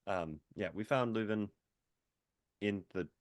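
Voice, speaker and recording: A man's voice: lowish voice, slow pace, dry recording, studio quality. A man chatting casually as a player in a tabletop game, hesitant and helpful.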